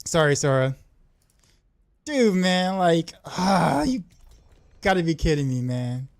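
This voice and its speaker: A man chatting on a game livestream, his voice sitting a little high for a guy. He talks in an excitable, rambling flow, stumbling and restarting his sentences. The sound is close and dry, with no room behind it. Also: slow pace, no echo. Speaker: game streamer. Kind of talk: casual livestream chat.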